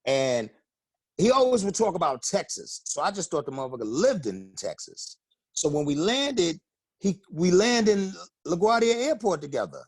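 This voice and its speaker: Recorded with no room sound, a man with a high, breathy voice talks at a moderate pace as an interview guest. The rapper and singer from the Bronx, New York spins casual stories animatedly, performing quotes in raised voices.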